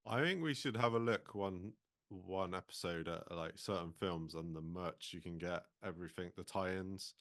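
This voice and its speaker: Brief: deep-voiced man, podcast co-host, easygoing and reminiscing. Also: moderate pace, fairly bright tone. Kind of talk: casual chat.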